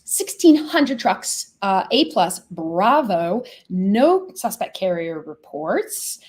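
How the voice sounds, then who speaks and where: A woman walks viewers through a software demo live, talking casually and quickly getting excited. Her pitch sits in an ordinary middle range, and she gushes freely, dropping the odd swear. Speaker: logistics software founder and host. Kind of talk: live product demo chat.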